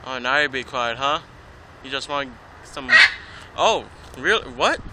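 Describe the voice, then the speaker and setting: A man's voice: medium pitch, expressive, measured pace, background noise. A man filming at an outdoor zoo, chatting playfully and coaxingly with parrots. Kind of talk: casual chat with birds. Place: outdoor zoo by bird enclosure. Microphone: handheld camera.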